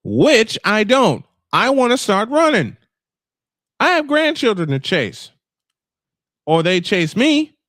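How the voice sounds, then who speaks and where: This voice sits high and moves in a sing-song way, slow and with frequent pauses, a bit bright in tone. He is a man in his fifties hosting a voice-only livestream, angrily venting about personal matters, cursing and hammering points home by repeating them. The clean studio recording is dry.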